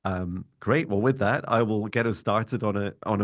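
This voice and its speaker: A man hosting a podcast in a calm, monotone voice, chatting reflectively and then leading a slow guided meditation. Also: lowish voice, no room sound, clean studio sound. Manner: calm, reflective, speaks in slow measured phrases when guiding breathing. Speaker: podcast host.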